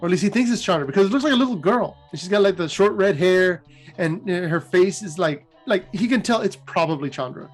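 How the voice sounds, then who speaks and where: A man with a high voice retells fantasy card-game lore in a casual, animated storytelling manner. Soft music plays faintly behind him. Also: brisk. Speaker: host.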